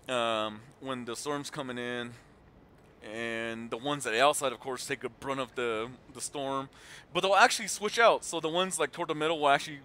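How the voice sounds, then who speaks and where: A man's voice: medium pitch, slight background noise. A man in his thirties streaming a game and chatting casually, rambling with many fillers and restarts. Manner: animated retelling with voiced quotes. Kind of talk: casual chat while gaming.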